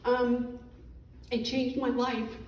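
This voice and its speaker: A middle-aged woman veteran giving an emotional personal testimony, halting and apologetic as she fights back tears. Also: a little high, little pitch movement. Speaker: veteran speaker. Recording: echoey room, distant mic, faint noise.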